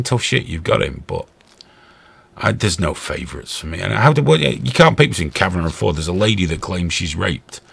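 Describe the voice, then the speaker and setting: A man's voice: deep voice, creaky, fairly bright tone, slightly rough. A middle-aged English man hosting a show, giving a blunt, sarcastic, heavily sworn rant about the news. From England. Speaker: show host. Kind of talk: ranting commentary.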